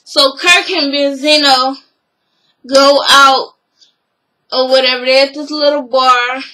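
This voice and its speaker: A young woman giving a casual, animated recap of a reality TV episode, acting out what people said and laughing along. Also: high voice, takes it slowly, rough recording. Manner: animated, acts out quotes, laughs.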